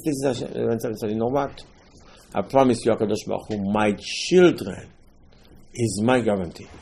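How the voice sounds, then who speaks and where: A man's voice: fairly low pitch, vocal fry, dark tone, a little hiss or hum. A man teaching a Torah lesson about Passover night, telling stories emphatically and repeating phrases for stress.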